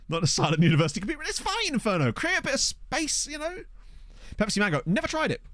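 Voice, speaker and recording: A man's voice: high-pitched, huge pitch swings, quick pace, fairly bright tone, no room sound, clean studio sound. A man chatting casually with his live-stream viewers and answering their messages in a playful, talkative way. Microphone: desk condenser mic.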